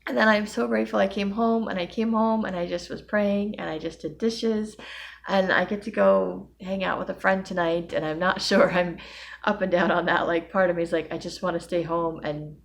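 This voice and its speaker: Woman vlogger, young adult, low-pitched, overwhelmed, rambling confessional with nervous laughs, faint hum behind. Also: steady tone, moderate pace, vocal fry. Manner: emotional, rambling, self-deprecating with nervous laughs. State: emotionally overwhelmed. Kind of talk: personal video diary.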